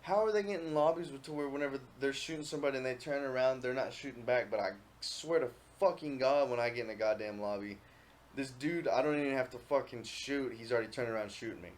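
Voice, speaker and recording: A man's voice: mid-range voice, quick pace. Profane young man telling gaming stories. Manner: profane, animated storytelling, yells when quoting himself. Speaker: podcast host. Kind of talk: casual chat.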